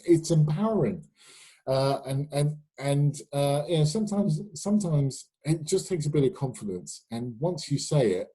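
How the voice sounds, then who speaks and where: Chatty man with a dark, husky voice. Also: mid-range voice, rough recording. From United Kingdom. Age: middle-aged or older. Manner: chatty and anecdotal, with many fillers and restarts. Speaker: sales trainer hosting a webinar. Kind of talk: live webinar talk. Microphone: webinar microphone.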